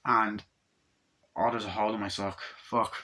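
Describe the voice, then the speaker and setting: A man's voice: fairly low pitch, level tone, moderate pace, sharp tone. A young man giving a casual, rambling movie review, hyper and swearing a lot, slipping into silly voices for quotes.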